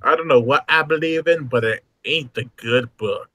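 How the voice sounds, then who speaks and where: A man's voice: mid-range voice, normal speed, pushed and bright, faint music behind, poor audio. A man co-hosting a casual watch-along chat, cracking jokes and laughing along. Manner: joking, wisecracking. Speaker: co-host.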